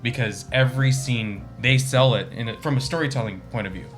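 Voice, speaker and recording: A man's voice: medium pitch, brisk, faint music behind. Casual male podcast co-host. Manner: rambling, swears freely, quotes lines. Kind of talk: casual movie discussion.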